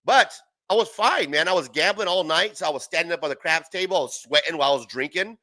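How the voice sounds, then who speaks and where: A man's voice: on the high side, fast talker, pushed and bright, dry recording. A young man hosting a casual livestream from home, rambling through stories with heavy profanity and frequent laughter. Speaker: livestream host.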